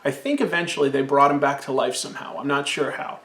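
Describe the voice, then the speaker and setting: A man's voice: mid-range voice, fast, fairly bright tone, echoey room. A man casually reviewing an old comic, rambling and enthusiastic while sipping absinthe.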